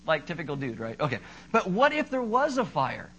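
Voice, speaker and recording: A man pastor delivering a sermon, his voice sitting a little higher than most men's. He talks to the congregation in a relaxed, conversational way and tells wry stories about himself. He slows right down to land his main points, over a faint hum in the background. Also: low-quality recording. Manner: conversational preaching with humorous storytelling.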